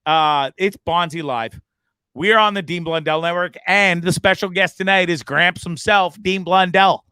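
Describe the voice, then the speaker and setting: A man's voice: high-pitched, normal speed, bright, forceful tone, clear, resonant tone, no room sound. A man hosting a casual live stream from a bedroom in the back of a bus, rambling and joking, then turning sentimental. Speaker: host.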